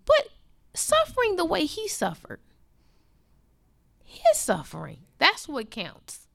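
Impassioned woman preacher, lively pitch. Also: slow pace, vocal fry. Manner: impassioned, swings from loud to hushed. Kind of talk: sermon.

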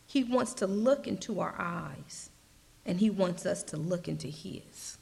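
A woman preaching a slow, earnest sermon, sometimes dropping her voice to a soft whisper. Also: mid-range voice, vocal fry.

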